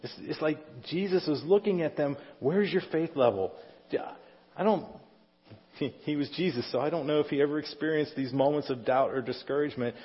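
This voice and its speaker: His voice a little high and fairly quick, a middle-aged pastor preaches a conversational sermon in a church sanctuary and often asks the congregation questions. The reverberant hall leaves the recording sounding dull.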